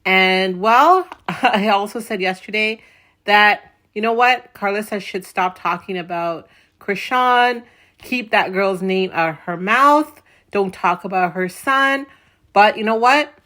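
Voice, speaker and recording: A woman's voice: mid-range voice, slow pace, sharp tone. A woman hosting a gossip commentary channel, chatty and emphatic as she sets up a clip.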